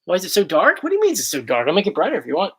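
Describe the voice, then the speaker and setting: A man's voice: sits high, wildly swooping pitch, very fast, fairly bright tone, slightly rough. A man hosting a casual livestream chat, playful and teasing his partner. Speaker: host.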